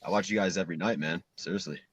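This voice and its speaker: A man's voice: low voice, racing, noisy background. A man calling in to a sports stream, easygoing and chatty. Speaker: caller. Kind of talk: casual chat.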